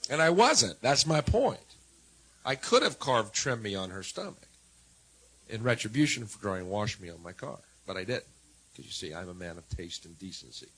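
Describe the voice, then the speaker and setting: A man performing a stand-up routine in a wry, sardonic way, swinging between low mutters and loud jabs. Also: sing-song, moderate pace, a little hiss or hum, low-quality recording. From United States. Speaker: stand-up comedian.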